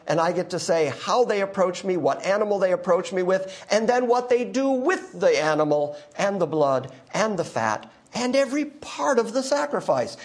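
Male pastor, sermon, emphatic, animated delivery, slightly high voice. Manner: emphatic, swings from quiet asides to loud declarations.

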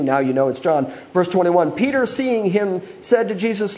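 A man preaching a sermon in a high, strongly varied voice that swings up and down with emphasis. He acts out the people he quotes and breaks into laughter along the way. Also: lively intonation, moderate pace, few pauses, a little mellow. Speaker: pastor. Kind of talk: expository sermon.

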